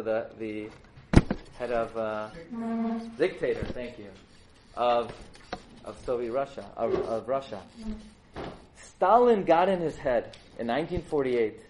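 A man giving a storytelling sermon to a live audience, animated and jokey, often putting questions to the listeners. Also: mid-range voice, slight background noise, low-quality recording.

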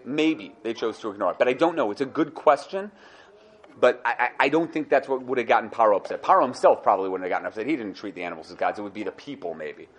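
A young man giving a lively Torah class. He acts out the people he quotes and thinks out loud as he goes. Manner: animated, acts out quoted speakers with rising pitch; thinks aloud, repeats and restarts. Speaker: Torah teacher.

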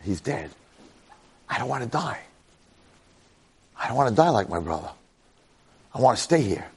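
A man voicing a frightened, stubborn unborn twin boy who speaks in shrill, panicky exclamations. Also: very animated, moderate pace, slightly rough, full character voice. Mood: fearful.

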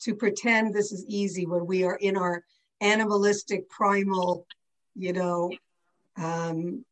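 A woman's voice: medium pitch, steady tone, unhurried, rough recording. An older woman leading a class over a video call, talking in a chatty, rambling way with frequent asides. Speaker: class teacher. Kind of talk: casual online class talk.

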